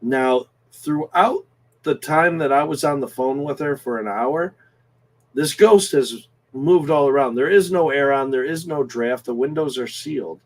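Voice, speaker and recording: A man's voice: medium pitch, unhurried. A man co-hosting a live paranormal stream, explaining the rules and setting challenges. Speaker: co-host giving challenges.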